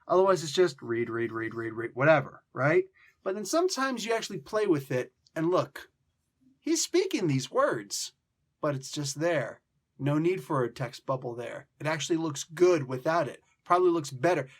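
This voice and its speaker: A man hosting a casual comic book review, animated and slangy, now and then acting out lines in mock voices. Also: a little high, normal speed.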